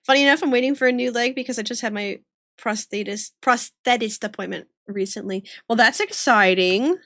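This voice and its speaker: A woman's voice: fairly high pitch, brisk, fairly bright tone, dry recording, studio quality. A young woman streamer chatting casually while she draws. She rambles, giggles often and reads chat aloud. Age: young adult.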